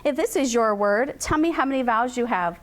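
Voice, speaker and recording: Bright-voiced woman teacher drilling phonics. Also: on the high side, expressive, fairly quick. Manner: upbeat, drills sounds in call-and-response chants. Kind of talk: classroom phonics lesson.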